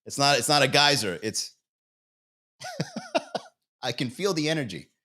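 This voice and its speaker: A man's voice: on the high side, wildly swooping pitch, slow, sharp tone. A man hosting a comedy livestream, rambling and swearing in casual banter, chuckling at his own jokes while he talks straight to chat viewers.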